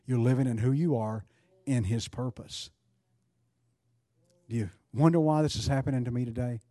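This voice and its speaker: A man's voice: medium pitch, fairly even intonation, normal speed, no room sound. A male pastor preaching a sermon, asking rhetorical questions and leading altar prayer. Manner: rises to fervent, louder prayer.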